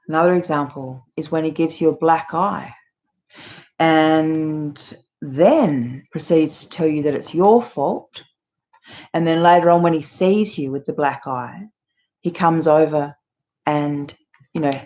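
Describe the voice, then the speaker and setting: A woman's voice: low voice, darkish tone. A woman hosting her channel, earnestly explaining with frequent fillers. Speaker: channel host. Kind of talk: talking to camera about abuse. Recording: muffled lo-fi audio.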